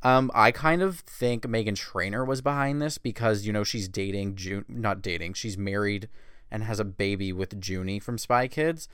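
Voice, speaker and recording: A man's voice: fairly low pitch, moderate pace, fairly bright tone, clean tone, dry recording, clean studio sound. A man in his late twenties giving blunt, sarcastic celebrity gossip commentary, with frequent swearing. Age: late 20s.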